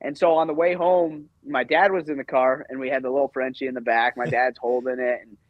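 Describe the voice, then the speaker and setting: A man's voice: medium pitch, brisk, dry recording. A man in his thirties, a podcast guest, telling a long story in a loose, rambling way with lots of fillers. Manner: rambling, filler-heavy, animated retelling. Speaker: podcast guest, hockey coach. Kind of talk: casual storytelling interview. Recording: dry, slightly dull podcast audio.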